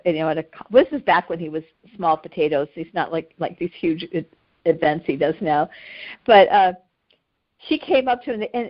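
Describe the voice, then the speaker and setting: A middle-aged woman coaching a session in a casual way, telling stories with animation, repeating words and laughing often. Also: fairly low pitch. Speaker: emotional healing coach. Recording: slightly dull audio.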